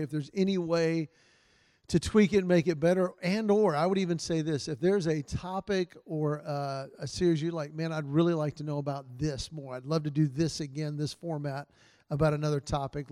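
A man speaks earnestly to a church men's group, his voice dark and mellow and sitting a little high for a man. He tells stories with feeling and drops softer for quoted lines. The sound is close and dry. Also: no room sound.

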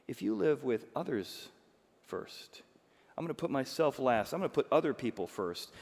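A man preaching a sermon as pastor, animated and punching words with loud emphasis. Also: medium pitch. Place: church auditorium. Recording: long hall reverb.

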